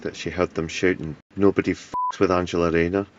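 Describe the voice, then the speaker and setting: A man voicing an awkward politician hosting a talk show, deadpan and easily flustered. His voice is very deep. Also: brisk, highs cut off, slight background noise, natural voice. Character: awkward, put-upon male talk-show host politician.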